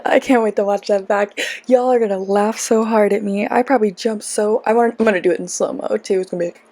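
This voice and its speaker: A woman's voice: medium pitch, steady tone, fast talker, darkish tone, low-quality recording. A young woman hosting a casual tarot vlog, rambling and self-deprecating, with lots of chatty asides. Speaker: tarot reader, channel host.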